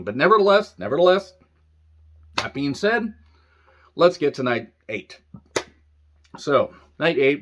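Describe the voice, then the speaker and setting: Ranting man with a lively voice. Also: medium pitch, lo-fi sound, slight background noise. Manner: ranting, profane, talks to his pet off-camera. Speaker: wrestling recap host. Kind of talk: casual wrestling recap.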